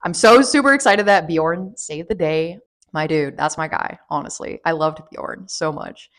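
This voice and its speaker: A woman's voice: low voice, normal speed, fairly bright tone. A woman chatting casually through a book review vlog, rambling with lots of fillers and restarts. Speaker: book vlogger.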